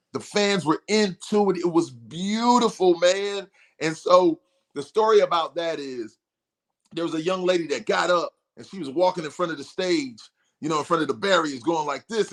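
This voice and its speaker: A man guest on a podcast, telling road stories in a casual, animated way and acting out quotes in a raised voice. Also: on the high side. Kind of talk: casual storytelling.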